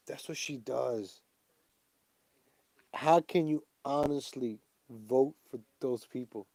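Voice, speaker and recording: A man's voice: medium pitch, slow pace, long pauses, a little mellow, no room sound. A man ranting animatedly in a political vlog, full of asides and restarts. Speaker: vlogger. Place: home in Pennsylvania.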